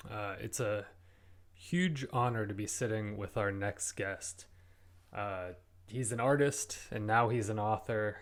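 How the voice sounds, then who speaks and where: A man's voice: on the low side, unhurried. A man hosting a comic talk show interview, speaking hesitantly with frequent fillers.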